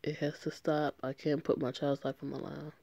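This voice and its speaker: A woman's voice: deep voice, little pitch movement, moderate pace, creaky, darkish tone, no room sound. A woman voicing a tender, remorseful young male gang member as she reads a story game aloud in an earnest, emotional way.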